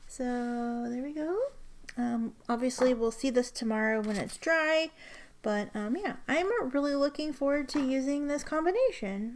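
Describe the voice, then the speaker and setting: A young woman chatting casually at her desk as an ink vlogger, rambling with lots of fillers and restarts, recorded on a camera mic. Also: a little high. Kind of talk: casual chat.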